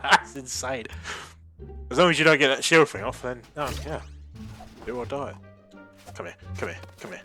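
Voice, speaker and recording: A man's voice: mid-range voice, normal speed, long pauses, soft background music. A man hosting his gaming channel, bantering casually and yelping and laughing a lot over the gameplay. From United Kingdom. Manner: excitable, yelps and laughs a lot.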